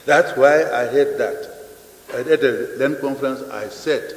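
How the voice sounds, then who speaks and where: A man's voice: mid-range voice, expressive, unhurried. An older man answering parliament off the cuff, repeating phrases and putting questions to the room. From Namibia. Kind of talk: unscripted parliamentary address. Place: large parliament chamber. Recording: echoey chamber with long reverb.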